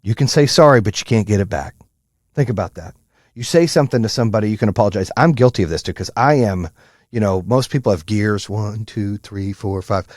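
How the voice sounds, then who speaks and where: A man hosting a podcast, giving an intense, profane motivational monologue in a high-strung, high-energy way. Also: animated, quick pace, darkish tone, no echo, clean studio sound. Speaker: podcast host.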